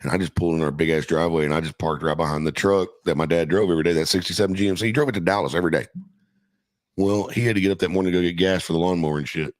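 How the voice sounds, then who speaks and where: A man's voice: low voice, fairly even intonation, rapid-fire, no room sound. A middle-aged man casually telling a profane, laughing story from his youth as a podcast guest.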